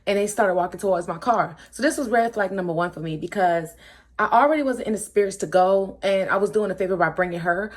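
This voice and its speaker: Exasperated young woman telling a story. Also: fast. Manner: animated, exasperated, acts out quotes with swings in pitch. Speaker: storytime vlogger. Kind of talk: casual storytelling to camera.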